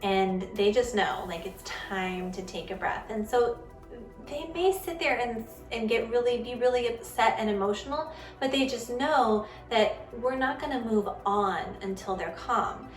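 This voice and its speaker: A woman's voice: fairly high pitch, measured pace, far from the mic. A woman in her thirties hosting a parenting show, talking earnestly and conversationally about handling kids' feelings. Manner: earnest, conversational, acts out quoted kids and parents. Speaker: parenting vlog host. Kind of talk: casual advice talk to camera. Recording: echoey room, slightly off-mic, faint music.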